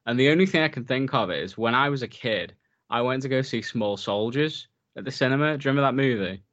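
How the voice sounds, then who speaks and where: A man's voice: medium pitch, expressive, fast talker, fairly bright tone, muffled recording. A man in his thirties co-hosting a casual film podcast, enthusiastic and rambling with lots of fillers. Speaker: podcast co-host.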